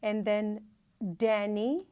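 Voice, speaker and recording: Woman teacher, very slow, careful drills with repeated words, mid-pitched voice. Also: steady tone, clear, resonant tone, muffled recording. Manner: slow, careful, repeats each word twice. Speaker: Hindi teacher.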